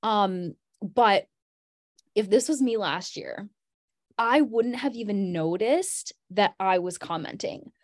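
A woman's voice: medium pitch, animated, takes it slowly, dry recording, clean studio sound. Chatty young woman telling a story. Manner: chatty storytelling, frequent "like", laughs often. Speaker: podcast guest. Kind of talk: casual podcast conversation.

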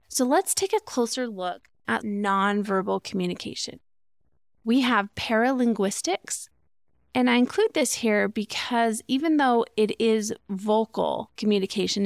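A woman's voice: on the high side, creaky, no echo, studio quality. A middle-aged woman hosting a solo podcast, explaining ideas conversationally and asking rhetorical questions. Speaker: podcast host.

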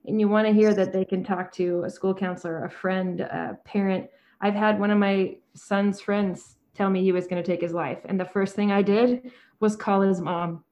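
A woman in her forties, a therapist talking calmly and earnestly, often acting out her own conversations. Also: mid-range voice, normal speed, highs cut off. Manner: calm, soft-spoken, quotes herself in dialogue. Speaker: therapist and guest.

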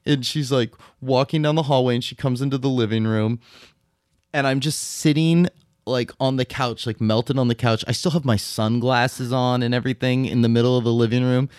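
A man co-hosting a podcast, telling a story in casual chat, animated, swearing and laughing as he goes. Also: mid-range voice, moderate pace, no room sound, studio quality. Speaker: podcast co-host.

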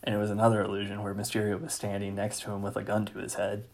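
Gravelly-voiced man gushing about a movie. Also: fairly low pitch, completely flat delivery, fast talker, a little mellow. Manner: enthusiastic, rambling, lots of fillers. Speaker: movie reviewer. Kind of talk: casual movie recap.

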